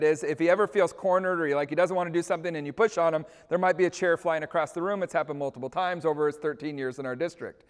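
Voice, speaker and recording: A middle-aged man leading a teacher training. He tells a personal story with animation and acts out the scenes. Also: a little high. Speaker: staff trainer. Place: school hall or gym. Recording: long reverb of a large hall.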